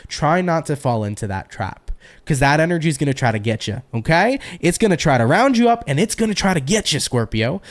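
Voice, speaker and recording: A man's voice: medium pitch, a little mellow. A man giving a casual tarot reading to his viewers, chatty and talking to them directly. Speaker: tarot reader.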